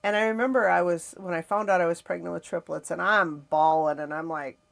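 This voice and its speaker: Gravelly middle-aged woman, reflective. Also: on the low side, fairly even intonation, a little fast. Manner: reflective, emotional, sighing. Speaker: podcast host. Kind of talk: personal storytelling podcast.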